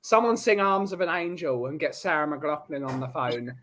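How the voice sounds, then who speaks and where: A man co-hosting a podcast livestream, chiming in with quick jokes during casual banter. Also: on the high side, fairly bright tone. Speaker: podcast co-host.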